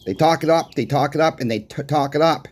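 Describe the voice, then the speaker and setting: A man's voice: fairly high pitch, a little fast. A man with a Boston accent, a coin shop owner giving a casual weekly market report in a conversational, emphatic way with rhetorical questions. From Boston, USA.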